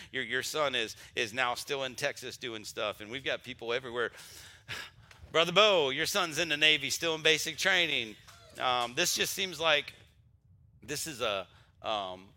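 Bright-voiced male pastor leading prayer. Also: medium pitch. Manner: warm, emotional, repetitive restarts. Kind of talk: church announcements and prayer. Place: church sanctuary during service.

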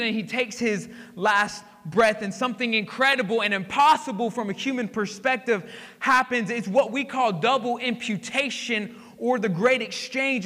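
High bright preacher in a big hall. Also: male voice. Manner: dramatic storytelling, swinging from hushed to emphatic. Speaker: pastor. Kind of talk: sermon. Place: church sanctuary.

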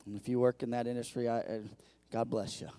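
Man preaching a lively sermon. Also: mid-range voice, quick pace, clear, resonant tone, no echo. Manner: lively preaching, swinging from loud peaks to quiet asides; repeats words when building up. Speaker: pastor.

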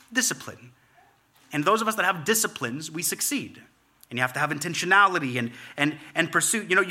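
Bright-voiced man preaching a sermon. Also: high voice. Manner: preaching with repetition and rising emphasis. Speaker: pastor.

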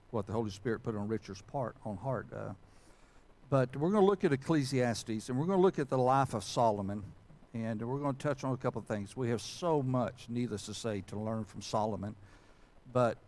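A man preaching as pastor, talking in a folksy, self-deprecating way and filling pauses with "uh". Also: medium pitch, a little mellow. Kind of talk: conversational sermon and prayer.

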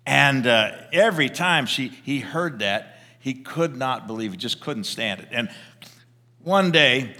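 A pastor preaching a sermon, telling stories in a loose conversational way with frequent restarts. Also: male voice, mid-range voice, lively intonation, a little slow, pushed and bright, in a large hall. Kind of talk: sermon with storytelling.

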